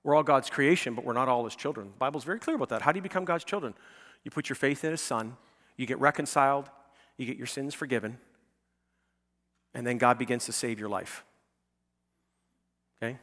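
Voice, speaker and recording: A pastor delivers a sermon in an easy, conversational way, checking in with his listeners and then climbing into emphatic, pleading stretches. His voice sits at a middling pitch for a man. The sound carries the long reverb of a church sanctuary. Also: a little fast, pauses often, a bit bright. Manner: conversational preaching, frequent "okay?" and "right?" checks with the congregation; rises to emphatic, pleading peaks.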